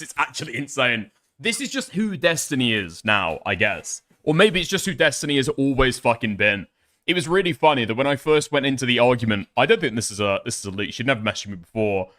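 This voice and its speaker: A man's voice: mid-range voice, pushed and bright, no echo, clean studio sound. A man hosting reaction commentary in a mocking, profane manner, laughing often. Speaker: host.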